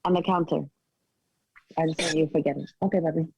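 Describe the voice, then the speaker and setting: A woman's voice: deep voice, steady tone, quick pace, highs cut off, crowd noise. A woman calling out a household reminder from off to the side.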